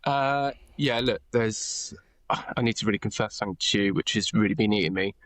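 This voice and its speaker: A man's voice: fairly low pitch, fairly quick, a bit bright, no room sound. A man co-hosting a podcast, chatting casually with a sheepish, jokey manner. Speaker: podcast co-host.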